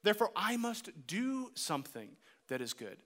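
Pastor guy preaching, kinda high bright voice, long church echo, gets loud on the big points then hushed on the readings. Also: very animated, moderate pace. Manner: earnest preaching, rising to emphatic peaks, dropping soft and low for scripture readings. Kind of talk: sermon.

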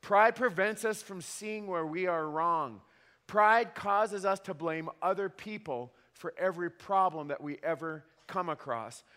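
Male pastor, thirties, slightly high voice, animated and wry, sermon in a church hall with long reverb. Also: unhurried. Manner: animated, wry storytelling with emphatic repeats.

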